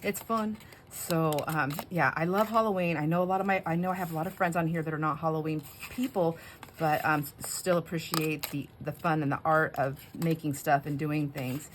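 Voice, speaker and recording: Low-voiced woman chatting while crafting. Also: fairly even intonation, fairly quick, a little hiss or hum. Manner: rambling, chatty, with many fillers. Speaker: craft channel host. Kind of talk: casual craft chat. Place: home craft room.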